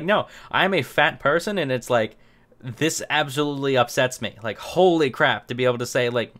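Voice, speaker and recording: Guy reading stuff out loud and cracking up, casual commentary vibe, mid-pitched voice. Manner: laughing often while reading aloud. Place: home recording setup. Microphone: camera mic.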